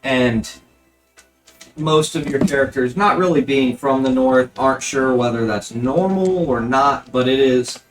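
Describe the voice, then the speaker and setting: A man running a tabletop game as game master, narrating in a relaxed, rambling way with many fillers. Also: medium pitch, unhurried, music in the background.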